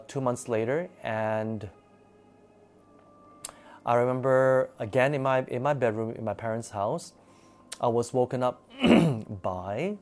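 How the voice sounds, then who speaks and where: A man telling a personal story in a casual, rambling way, full of fillers and restarts. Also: mid-range voice. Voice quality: rambling, filler-heavy delivery with frequent restarts.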